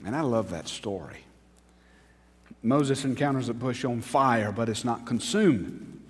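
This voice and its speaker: Animated preacher man in a reverberant hall. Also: medium pitch. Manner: dramatic pauses and swings in volume, building to emphatic peaks; speaks directly to the congregation, asking them to repeat words. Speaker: pastor. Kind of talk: sermon. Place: church sanctuary. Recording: long reverb from a large hall.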